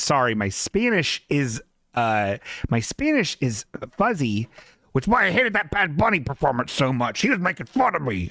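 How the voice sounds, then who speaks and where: A man's voice: medium pitch, a bit bright, dry recording, studio quality. A man hosting a podcast, giving casual, sarcastic, profanity-laced live commentary on a TV show. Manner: sarcastic, profane, exasperated riffing. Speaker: podcast host.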